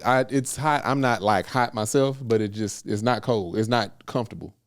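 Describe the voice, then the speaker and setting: A man's voice: mid-range voice, normal speed, no echo, studio quality. A man co-hosting a podcast, talking in a laid-back, wry and slangy way. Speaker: podcast co-host. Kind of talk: casual chat.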